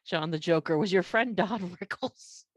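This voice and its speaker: Wry, low-voiced woman co-host. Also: moderate pace, dry recording, clean studio sound. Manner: wry quips and reactions. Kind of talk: casual chat.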